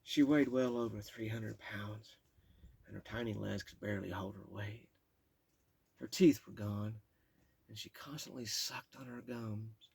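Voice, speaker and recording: A man's voice: lowish voice, vocal fry, breathy edge. A man reading his own memoir aloud, raw and profane, stumbling and stopping when memories overwhelm him.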